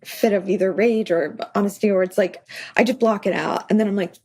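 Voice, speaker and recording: Chatty woman guest with a gravelly, husky voice. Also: medium pitch, brisk, darkish tone. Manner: chatty, full of "like", acts out her own anecdotes. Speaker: guest author. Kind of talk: casual podcast interview.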